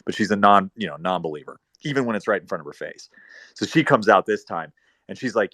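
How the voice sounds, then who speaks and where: A man telling a long, rambling story in casual talk, profane, swinging between loud bursts and quiet asides. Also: lowish voice, lively intonation, fast, no room sound.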